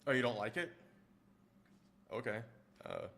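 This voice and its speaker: A man with a fairly low voice talks casually to viewers of a livestream. He rambles, doubles back on his words and restarts sentences as he answers the chat. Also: wildly swooping pitch, unhurried, vocal fry, a bit bright, a little hiss or hum. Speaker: streamer and audiobook narrator.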